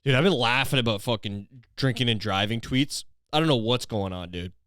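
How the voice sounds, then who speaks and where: A young man from Canada hosting a podcast, rambling through a crude comedic monologue full of filler phrases and deadpan dark jokes. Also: mid-range voice, brisk, dry recording, studio quality. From Ontario, Canada. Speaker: podcast host.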